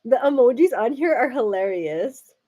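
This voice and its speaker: A chatty young American woman talks to her livestream viewers in a loose, rambling way, filling her sentences with "like" and "girl." Her voice sits a little high for a woman. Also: animated, normal speed, warm tone, muffled recording. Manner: chatty, says "like" and "girl" a lot. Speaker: livestream host. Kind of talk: casual chat with live viewers.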